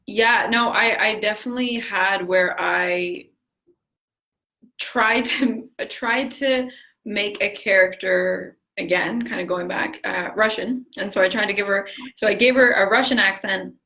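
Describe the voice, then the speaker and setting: A woman hosting a casual live-stream chat with a fellow actor, encouraging and quick to laugh. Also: mid-range voice, pushed and bright, muffled recording. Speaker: host. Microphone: webcam on a live stream.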